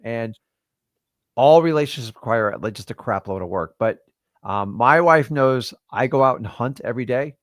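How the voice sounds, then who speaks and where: A man's voice: mid-range voice, expressive, normal speed, dry recording, studio quality. A man in his fifties hosting a livestream, giving casual motivational talk and addressing listeners directly in a preachy way. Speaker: livestream host.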